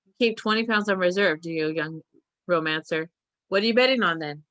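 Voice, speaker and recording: A woman's voice: on the low side, fairly quick, fairly bright tone, dry recording, highs cut off, lightly acted. A woman reading the part of a middle-aged uncle who teases and questions his young nephew. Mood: amused. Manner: jovial and teasing.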